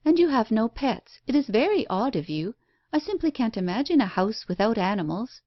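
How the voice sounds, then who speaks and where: A woman voicing a brusque, blunt, impatient unmarried woman who talks in a sharp, scolding way. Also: on the high side, sing-song, moderate pace, no echo, lo-fi sound, voice pushed up.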